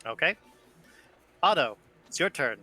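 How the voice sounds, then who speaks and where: Man game master, bright forceful voice, walks through rules patiently. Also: fairly high pitch, lively intonation, measured pace, low-quality recording. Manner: explains rulings step by step. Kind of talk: running a tabletop game.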